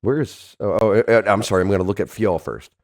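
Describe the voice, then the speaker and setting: A man's voice: lowish voice, brisk, lightly acted. A man voicing a courteous, formal male ship captain in a tabletop game. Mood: courtly. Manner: genteel, formal phrasing.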